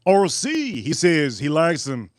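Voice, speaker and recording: A man's voice: a little high, wildly swooping pitch, slow pace, no room sound, clean studio sound. A man casually hosting a live stream, joking loosely and talking to viewers in the chat.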